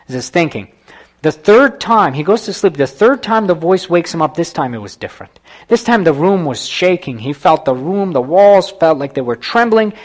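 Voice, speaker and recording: A man's voice: on the high side, expressive, fairly quick. A man preaching a sermon, retelling a story with rhetorical asides to the congregation.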